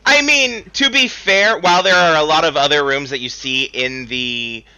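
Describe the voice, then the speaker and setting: A young man gives casual, rambling commentary while he plays a game, full of jokes and self-deprecating asides. His voice is very bright and forward, recorded close on a desk mic. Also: fairly high pitch, moderate pace, gravelly, clear, resonant tone. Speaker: streamer playing a game. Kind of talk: casual let's-play commentary.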